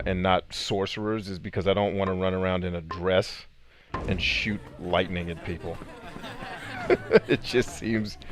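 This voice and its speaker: A man casually chatting with viewers on a live game stream, animated, laughing often and swearing freely. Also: low-pitched. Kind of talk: casual live-stream chat while gaming.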